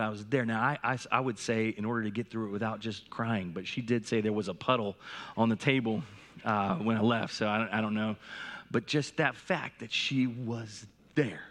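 A man's voice: lowish voice, steady tone, normal speed, a bit bright. A man in his forties, a pastor giving a sermon through a personal story, talking conversationally and often restarting his sentences.

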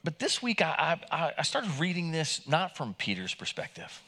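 Animated, bright-voiced male preacher. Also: on the high side, normal speed, gravelly. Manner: conversational, animated, many restarts, acts out quotes in raised voice. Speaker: pastor. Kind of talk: sermon.

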